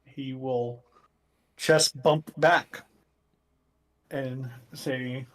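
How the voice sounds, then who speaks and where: Very slow, hesitant man. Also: medium pitch, fairly even intonation, fairly bright tone. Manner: halting, hesitant with restarts. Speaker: player. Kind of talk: tabletop game play.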